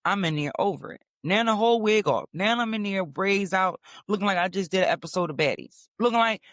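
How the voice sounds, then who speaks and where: High voice guy, ranting dramatic story, lots of cussing, dead dry sound. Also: a little fast, dry recording. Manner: animated, profane, dramatic storytelling. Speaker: podcast host. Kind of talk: storytelling monologue.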